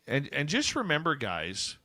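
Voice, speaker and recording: A man's voice: on the high side, huge pitch swings, unhurried, pushed and bright, no room sound. A man hosting a late-night radio show, chatting casually and reading upbeat promos into a studio mic. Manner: informal, chatty, upbeat announcer delivery.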